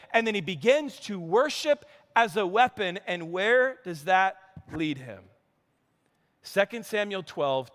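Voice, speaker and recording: A man preaching a sermon as pastor, telling stories with animated delivery and acting out characters' voices. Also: high voice, big-room sound. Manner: energetic storytelling preacher, acts out characters' lines. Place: church sanctuary.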